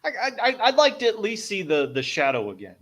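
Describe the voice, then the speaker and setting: A man on a live show chats casually and jokes about a clip. His voice sits a little high and swings lively up and down. He laughs easily between points. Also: fast. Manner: animated, laughing, joking. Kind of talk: casual chat.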